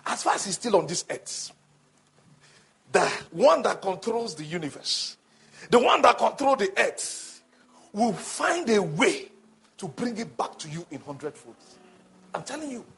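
A male preacher delivering a call-and-response sermon that builds to shouting. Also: high-pitched, big pitch swings, measured pace, gravelly, pauses often, breathy edge.

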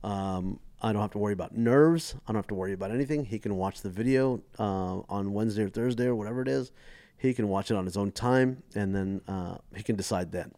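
This American comedian in his forties talks fast in a fairly low voice with no echo. As a podcast guest, he tells stories casually and animatedly, performing the voices of the people he quotes.

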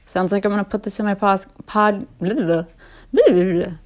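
A woman in her late thirties talking in a casual, heartfelt and rambling way as a vlogger, often laughing softly between restarts. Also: medium pitch, moderate pace. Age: late 30s. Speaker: vlogger and podcaster. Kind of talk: casual heartfelt personal talk.

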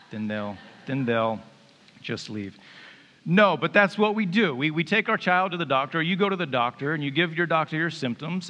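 A man's voice: a little high, bright, forceful tone. Man preaching in an echoing hall. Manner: conversational, joking preacher with restarts. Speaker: pastor. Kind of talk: sermon. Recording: reverberant hall.

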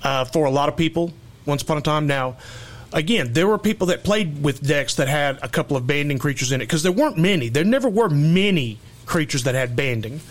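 Easygoing male podcast host, slightly high voice. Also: a little fast. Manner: relaxed, easygoing, many fillers. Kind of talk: casual chat.

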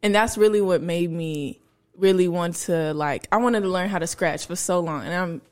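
A woman's voice: lowish voice, normal speed, darkish tone. A young woman, a DJ guest telling stories in a laid-back, slangy way on a podcast. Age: young adult. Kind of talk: casual podcast chat.

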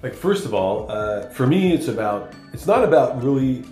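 A man's voice: mid-range voice, very animated, moderate pace, darkish tone, reverberant, faint music behind. A man, an entrepreneur being interviewed, speaking candidly and emphatically. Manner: candid, emphatic, plain-spoken. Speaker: entrepreneur guest. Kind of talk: interview answers.

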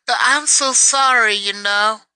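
Man putting on a high, whiny, baby-talking young woman, sharp and bratty. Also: a little slow, clean tone, dry recording, heavily acted, rough recording. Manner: simpering, mocking baby talk.

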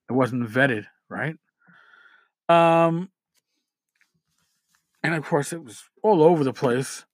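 A man's voice: on the high side, no echo. A man hosting a podcast in casual chat, rambling and irreverent with asides and profanity, who sometimes stumbles over words as he reads aloud. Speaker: podcast host.

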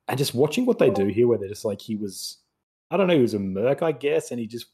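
A man's voice: mid-range voice, sing-song, fast, dark tone, breathy edge. A young man ranting sarcastically in a casual film review chat. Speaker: podcast co-host.

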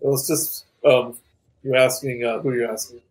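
A man runs a tabletop game, narrating in a casual, halting way full of small pauses. His voice sits in an ordinary middle range. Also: mid-range voice, fairly even intonation, husky, low-quality recording. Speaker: game master.

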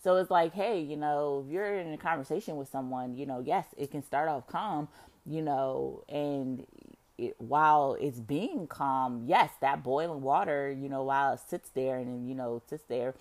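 A woman musing aloud to her viewers in a casual monologue, rambling with many fillers and swearing freely. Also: unhurried. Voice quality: expressive, swings between low murmur and loud outbursts. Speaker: vlogger.

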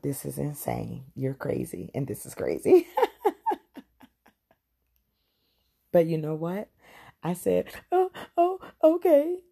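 A woman's voice: low voice, gravelly, dark tone. A woman hosting a podcast and giving a heartfelt personal testimony, speaking straight to her listeners. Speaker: podcast host.

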